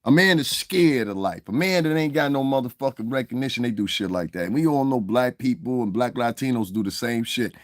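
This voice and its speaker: Middle-aged man, mid-pitched voice, fiery profane vlog rant, dry close sound. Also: a little fast, few pauses, no room sound. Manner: heated, profane, emphatic, repeats "you understand what I'm saying". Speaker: commentary vlogger. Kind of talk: profane ranting commentary.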